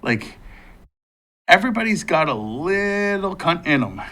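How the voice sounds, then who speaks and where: A man's voice: high voice, measured pace. A man co-hosting a casual podcast, telling stories with crude jokes and frequent laughter. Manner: laughs often, animated storytelling. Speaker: podcast co-host.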